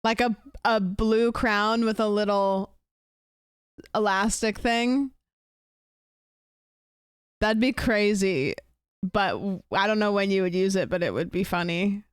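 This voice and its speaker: A woman's voice: medium pitch, takes it slowly, long pauses, clean tone, no room sound, clean studio sound. A young woman streamer chatting casually and rambling with her live viewers, thanking them for gifts.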